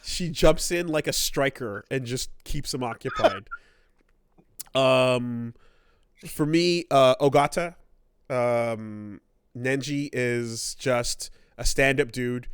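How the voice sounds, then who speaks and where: A man's voice: mid-range voice, slow, clear, resonant tone, no echo. A man co-hosting a gaming podcast, talking casually and at length, swearing freely and acting out characters' lines. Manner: rambling, profane, acts out characters' lines. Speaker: podcast co-host.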